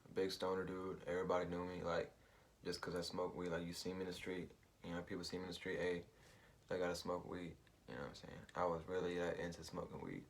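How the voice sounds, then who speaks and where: A man's voice: low-pitched, little pitch movement, fast talker, slight background noise. A man telling a personal story in a rambling, slangy way, full of fillers and asides. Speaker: vlogger.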